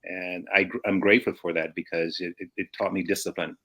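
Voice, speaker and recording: Older man telling stories, low voice. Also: level tone, fairly quick, a bit bright. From St. Louis, USA. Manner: rambling anecdotes with frequent restarts, chuckles. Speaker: guest. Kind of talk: casual storytelling.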